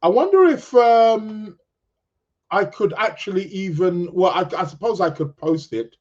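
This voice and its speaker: A man's voice: high-pitched, lively intonation, unhurried, a little mellow, highs cut off. A man hosting an astrology podcast, chatting casually and reading out viewer comments in a rambling, joking way. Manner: rambling, jokey, self-interrupting.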